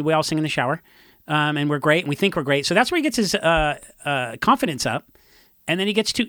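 A man's voice: high-pitched, sharp tone, clear, resonant tone, no room sound, clean studio sound. A man talking casually as a podcast guest, telling rambling stories with fillers and laughs. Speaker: podcast guest, punk musician. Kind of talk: casual chat.

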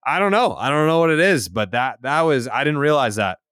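A man's voice: fairly high pitch, lively intonation, brisk, a bit bright, dry recording, clean studio sound. A young man co-hosting a sports podcast in casual, rambling, profane banter, often laughing. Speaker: podcast co-host.

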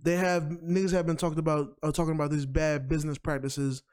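A man co-hosting a podcast, sharing strong opinions in casual, animated talk. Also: on the high side, a little fast, clean tone. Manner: animated, opinionated, many restarts and fillers. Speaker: podcast co-host. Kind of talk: casual chat.

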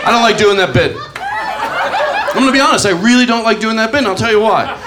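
A man performing a crude, animated stand-up set, acting out the people in his stories. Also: high voice, fast. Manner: animated, acts out characters, crude. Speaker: stand-up comedian. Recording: live club recording with audience noise. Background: audience laughter.

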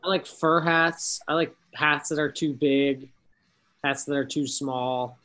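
A man's voice: fairly high pitch, steady tone, slow pace, bright, forceful tone. A man co-hosting a podcast in casual chat over a video call, rambling with fillers and restarts. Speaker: podcast co-host.

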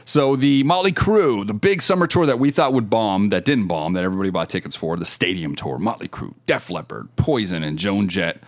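A man's voice: fairly low pitch, expressive, brisk, few pauses. A male podcast co-host in casual, joking banter who laughs often and trips over words.

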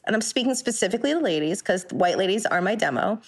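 A woman's voice: mid-range voice, lively intonation, fast talker, husky. A woman on a podcast panel, talking bluntly and with heated passion, swearing freely in a long, rambling turn. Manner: blunt, profane, impassioned; long rambling turns with restarts. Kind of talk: heated casual discussion.

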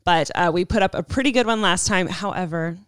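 A woman's voice: lowish voice, brisk, clear, resonant tone, dry recording, clean studio sound. Chatty self-deprecating woman podcast host. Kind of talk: casual chat.

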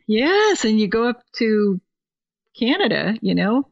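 Woman, from Oregon, podcast guest, chatty, animated, slightly muffled lo-fi recording. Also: a little high, unhurried, creaky. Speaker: guest musician. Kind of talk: casual podcast interview.

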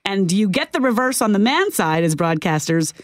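A woman's voice: medium pitch, big pitch swings, brisk, no echo. A woman co-hosting a talk radio show in a studio, thoughtful and questioning as she reads listener comments and leads the discussion. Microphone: studio microphone.

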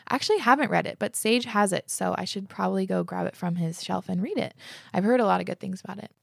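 A woman's voice: mid-range voice, fast, gravelly, no echo, clean studio sound. A woman in her twenties hosting a podcast, chatting casually and reading listener messages aloud with lots of fillers. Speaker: podcast host.

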